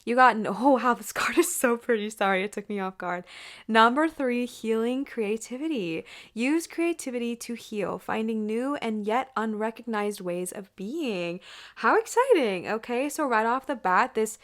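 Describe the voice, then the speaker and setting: A young woman giving an excitable, gushing pick-a-card tarot reading in a chatty way. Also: on the high side, moderate pace. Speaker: tarot reader.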